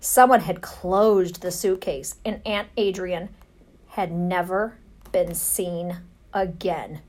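A woman reading a children's storybook aloud, gentle and unhurried. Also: on the low side, fairly even intonation. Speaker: narrator.

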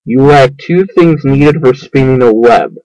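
A man voicing a wise, kind female spider who speaks calmly and patiently, reading a storybook aloud. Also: mid-range voice, unhurried, no echo, natural voice, poor audio. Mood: gentle. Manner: calm, patient, instructing.

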